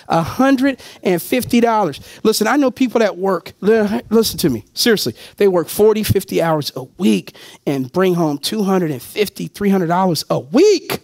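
A man giving an energetic sales pitch to a live audience, calling out to the crowd and laughing often. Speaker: motivational speaker at a business opportunity meeting. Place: meeting room with a live audience.

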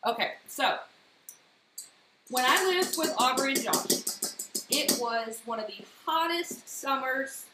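A woman casually walking viewers through a baking demo from her home kitchen, slipping lively personal stories in between the steps. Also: sits high, slow pace, pauses often. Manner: chatty, animated anecdotes between step-by-step instructions. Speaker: baking streamer. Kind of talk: casual live-stream baking demo and storytelling. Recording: echoey kitchen with faint noise.

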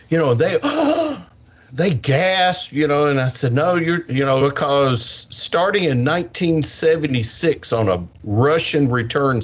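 Animated older man telling classroom stories. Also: medium pitch. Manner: animated, acts out kids' voices. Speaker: science educator with a portable planetarium. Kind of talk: interview answer, storytelling.

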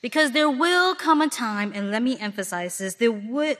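A woman from the Upper Midwest preaching to a congregation, her voice sitting on the higher side. She speaks in a lively storytelling manner and breaks into little acted-out asides. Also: moderate pace, few pauses. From Milwaukee, Wisconsin. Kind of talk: sermon.

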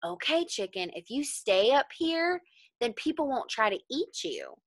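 A woman's voice: high-pitched, big pitch swings, unhurried, full character voice. A woman reading aloud as the wind in a folktale, speaking kindly to a chicken it rescues. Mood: reassuring. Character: kindly helpful wind spirit.

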